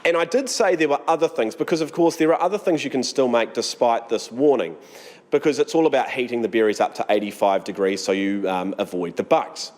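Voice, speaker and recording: A man's voice: medium pitch, fairly quick, darkish tone, long reverb tail. A man with a New Zealand accent reporting live from a cooking school kitchen, chatty and upbeat, sometimes eating as he talks.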